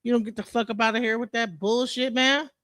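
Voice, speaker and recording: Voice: mid-range voice, steady tone, a little fast, fairly bright tone, dry recording. A livestream host with a Detroit accent, ranting casually and bluntly, heated and profane, with frequent restarts.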